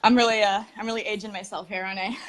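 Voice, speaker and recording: A woman's voice: mid-range voice, very animated, fairly quick, a loud crowd. A woman in her twenties from Arizona, a podcast guest talking in a loose, chatty way, laughing often and wandering off topic, heard through earbuds on a call. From Arizona, USA. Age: 20s. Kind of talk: casual chat.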